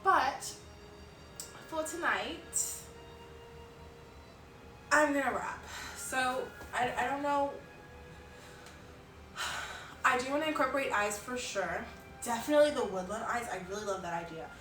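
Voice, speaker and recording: A woman's voice: high voice, unhurried, pauses often, pushed and bright, recorded from a distance. A young woman chatting casually on a live stream, rambling and giggling with lots of filler words. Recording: roomy, off-mic, music behind.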